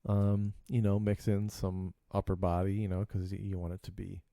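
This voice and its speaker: A man's voice: deep voice, monotone, normal speed, gravelly, warm tone, no echo, clean studio sound. Teasing, foul-mouthed male podcast co-host. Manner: teasing, swears freely, laughs often. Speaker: stand-up comedian. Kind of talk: casual comedic chat.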